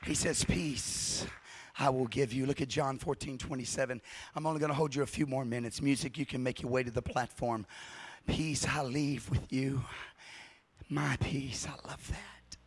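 A man preaching a revival sermon to a congregation, shouting repeated refrains with passion and then dropping to a hushed, intense delivery. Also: mid-range voice, steady tone, normal speed, slightly rough.

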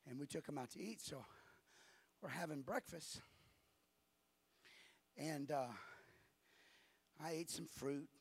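A man pastor preaching a sermon to his congregation in a church, shouting at the peaks and dropping to a quiet, conversational storytelling voice in between. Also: on the high side, takes it slowly, pauses often, slightly rough.

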